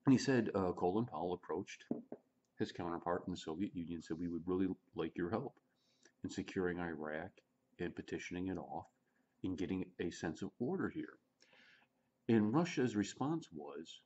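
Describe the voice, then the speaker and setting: Deep-voiced American man rambling opinions. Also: moderate pace, dull audio. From United States. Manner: rambling, animated, repeats words, acts out quotes. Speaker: vlogger. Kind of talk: casual opinion monologue.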